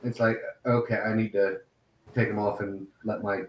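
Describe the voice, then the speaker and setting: A man's voice: fairly low pitch, flat delivery, moderate pace. Wry joking man, echoey and distant. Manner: wry, self-deprecating jokes. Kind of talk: casual interview chat. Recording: echoey, away from the mic.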